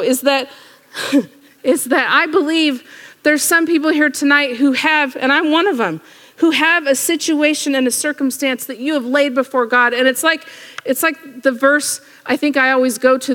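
A woman preaching a sermon, retelling a story with lively acted-out prayers and quotes. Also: high voice. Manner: animated storytelling, acts out prayers. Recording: echoey hall.

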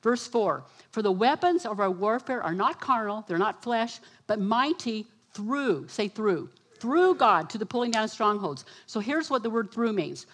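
A woman's voice: on the high side, moderate pace, few pauses. A woman preacher giving a sermon, telling a vivid story and acting out the voices of the people in it. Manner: animated storytelling, quotes herself and others.

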